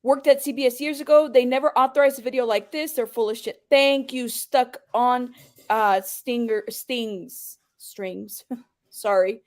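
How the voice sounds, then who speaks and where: A high-pitched woman hosts a live commentary stream, heated and confrontational as she calls out a viewer in her chat. She talks straight at the audience in a casual, blunt way. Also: normal speed. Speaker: livestream host.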